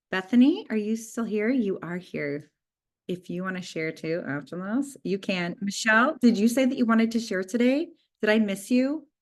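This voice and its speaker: A woman hosting a group call, calling on people by name to share in a friendly way. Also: mid-range voice. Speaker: call host.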